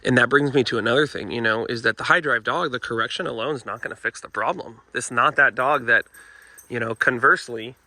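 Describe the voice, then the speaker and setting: A man's voice: medium pitch, a little fast, bright, forceful tone, dry recording. A man who trains dogs, talking casually and earnestly to camera and often calling his viewers "folks" while explaining a point. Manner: earnest, repeats "folks" and "you know". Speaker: dog trainer. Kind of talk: casual instructional talk to camera. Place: indoors with dogs nearby.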